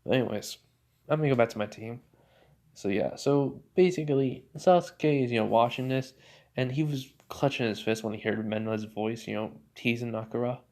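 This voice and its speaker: A man's voice: mid-range voice, moderate pace, darkish tone. A man casually retelling a fan story, rambling and often correcting himself mid-sentence with lots of filler words.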